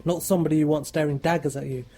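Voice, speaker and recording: A woman's voice: low-pitched, fairly even intonation, racing, mellow. A woman co-hosting a podcast, playfully recapping a story with joking asides. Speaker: podcast co-host. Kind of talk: casual book-discussion chat.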